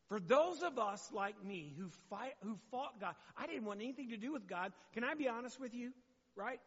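A man's voice: extremely high pitch, a bit bright, in a large hall, highs cut off. A man preaching a sermon as pastor, talking conversationally and asking the congregation questions.

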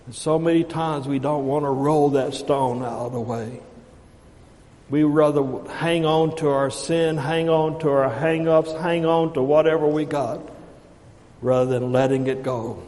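A man preaching a sermon, folksy and shifting from hushed asides to loud calls. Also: fairly high pitch, fairly even intonation, unhurried, in a large hall.

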